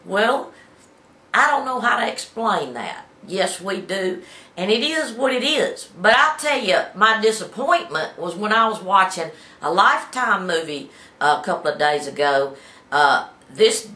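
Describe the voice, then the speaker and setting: A woman's voice: medium pitch, sharp tone, reverberant. A middle-aged woman from Alabama with a Southern accent, hosting a casual talk show from her office in a folksy, opinionated way, with many fillers and repeated words. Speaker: host.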